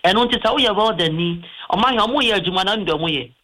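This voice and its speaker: On a talk show, a male eye doctor with a Ghanaian accent patiently explains health advice, slipping in English terms. He speaks fast with a high, expressive voice that sounds pushed and bright, in a low-quality recording.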